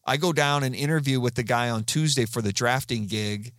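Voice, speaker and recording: Fifties male guest, easygoing storyteller, mid-pitched, dry close mic. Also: brisk, a bit bright, dry recording. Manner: chatty, rambling anecdotes with frequent fillers and restarts. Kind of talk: casual storytelling.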